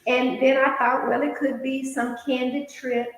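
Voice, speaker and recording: A middle-aged woman co-hosting a casual chat, telling a story in an animated way and laughing often. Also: high voice, unhurried. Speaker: podcast co-host. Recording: very echoey room with long reverb.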